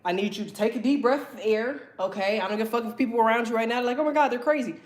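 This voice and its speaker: A young woman talks straight to her viewers with emphatic, blunt delivery. She curses constantly and pushes her point home. Her voice sits a bit high. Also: steady tone, racing. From Southern United States. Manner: blunt, heavy cursing, emphatic. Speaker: tarot reader teaching a class. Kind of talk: profane motivational talk to viewers.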